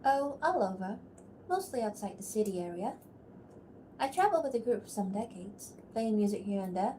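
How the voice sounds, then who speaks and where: A woman voicing a weathered older traveling musician for an animatic, in a relaxed, matter-of-fact way. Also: mid-range voice, moderate pace, slight background noise, close to an everyday voice. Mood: easygoing. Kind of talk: voice acting takes for an animatic.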